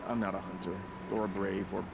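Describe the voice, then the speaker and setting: A sheepish young outcast from a tribe, rambling on about his own failures. His voice sits fairly low. He speaks as a video game character, over clear noise from the game world. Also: level tone, fast. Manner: rambling, sheepish, self-deprecating. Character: young male tribal outcast, self-doubting. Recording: game audio with ambient noise.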